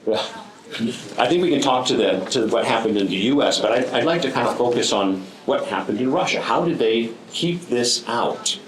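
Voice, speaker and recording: A man's voice: mid-range voice, lively intonation, moderate pace. Wry man speaking in a roomy hall. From United States. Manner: dry, wry storytelling with frequent ums. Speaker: banker giving a speech. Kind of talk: prepared speech to a live audience. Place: room with an audience.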